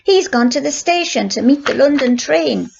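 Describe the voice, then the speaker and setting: An older woman reading aloud, voicing a frightened, motherly cook shouting anxiously. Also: high voice, animated, normal speed, creaky, muffled recording, a little hiss or hum, voice pushed up, exaggerated voice. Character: frightened, comfortable middle-aged cook Mrs Minns.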